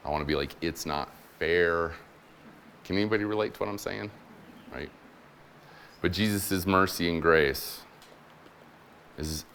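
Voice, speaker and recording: A man in his forties with an extremely deep voice speaks as a guest chaplain. He preaches in an easy, conversational way, adds humor, and voices the people in his stories. A faint noise floor sits under the recording. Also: fairly bright tone. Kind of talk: sermon. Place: church room with congregation.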